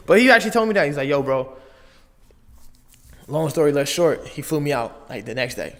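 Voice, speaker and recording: A man's voice: a little high, expressive, quick pace, long pauses. A young man from Las Vegas, a podcast guest retelling his story in a casual, slangy way, full of "like" and "bro". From Las Vegas, United States. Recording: long reverb on the voice.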